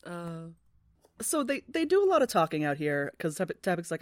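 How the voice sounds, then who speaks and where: A woman's voice: on the low side, huge pitch swings, measured pace, no echo, clean studio sound. A woman co-hosting a podcast, chatting casually about a book, with lots of ums and frequent laughs. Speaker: podcast co-host. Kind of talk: casual book club chat.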